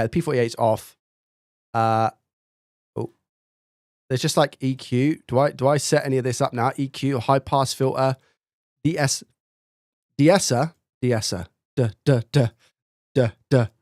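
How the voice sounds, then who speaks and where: A man's voice: mid-range voice, a little mellow, dry recording. Man streaming live, dry close mic. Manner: thinks aloud, repeats mic checks, reads viewer chat. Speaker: live-stream host testing his mic. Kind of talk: casual live-stream chat. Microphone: studio dynamic mic, close up.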